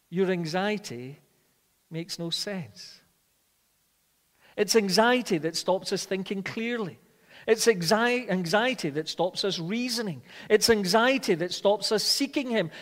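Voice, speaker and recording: In a church where his words trail off in long reverb, a preacher with a high, light voice reads scripture aloud and hammers home repeated lines. When he wants a point to sink in, he slows down and drops to a soft, quiet delivery.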